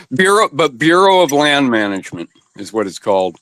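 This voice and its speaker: A man's voice: medium pitch, a bit bright. A man chatting casually as a guest on a livestream, easygoing and joking.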